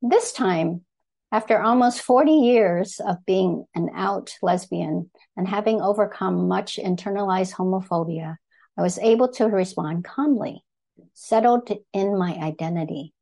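An older woman from Thailand reading her personal essay aloud to an audience in a measured, deliberate way, pausing to correct herself now and then. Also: mid-range voice, gravelly, warm tone.

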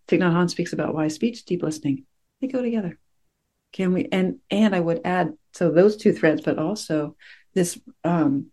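A woman meditation teacher giving a dharma talk to her class, gentle and reflective, pausing often as she searches for words. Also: fairly low pitch, husky.

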